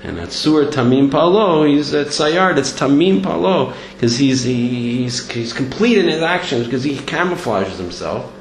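Guy teaching torah, lively up-and-down voice, roomy echo, faint hum behind. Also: mid-range voice, measured pace, few pauses. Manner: animated, acts out voices in stories. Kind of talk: Torah lesson with storytelling. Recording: echoey room with faint hum.

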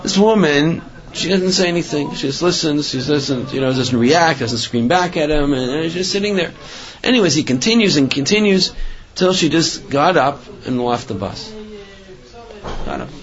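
A man's voice: a little high, animated, moderate pace. Guy telling a religious story, keeps restarting, muffled lo-fi sound. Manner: rambling, many restarts and filler phrases. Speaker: religious speaker. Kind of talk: storytelling talk.

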